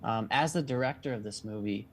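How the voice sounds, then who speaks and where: A man's voice: lowish voice, a little fast. Casual male interviewer, lots of "like". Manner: loose, hedging, many "like" fillers.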